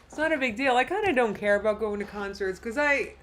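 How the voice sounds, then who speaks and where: Her voice is fairly high, fast, and expressive, with a fairly bright quality. As host of a relaxed live stream where she reacts to videos, this woman talks in a loose, rambling way, reads comments from chat aloud, and laughs a lot.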